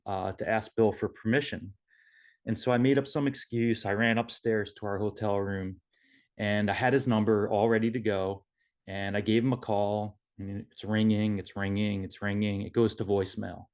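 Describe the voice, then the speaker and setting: A man telling a personal story at an online memorial, halting with many fillers and restarts, heard over a video call. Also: fairly low pitch, darkish tone. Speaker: memorial speaker, son-in-law. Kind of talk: casual storytelling.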